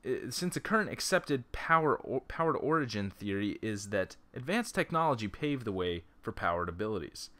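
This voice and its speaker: A man reads an interactive story game aloud and keeps breaking off into joking side comments. His voice is bright and forceful, recorded on a laptop's built-in mic. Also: on the low side, sing-song, moderate pace, few pauses. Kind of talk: reading a text game aloud with joking asides.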